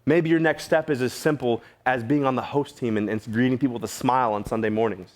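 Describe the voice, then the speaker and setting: A man's voice: medium pitch, steady tone, quick pace. A man preaching a sermon in a church, casual and conversational, with slang and repeated questions to the room. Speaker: pastor. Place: church sanctuary.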